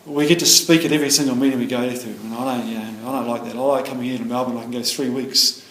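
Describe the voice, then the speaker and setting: In a meeting room with roomy acoustics and faint ambience, a middle-aged man from New Zealand talks fast in a medium-pitched, fairly bright, steady voice. His share at the recovery meeting is earnest and rambling, with "you know" cropping up throughout.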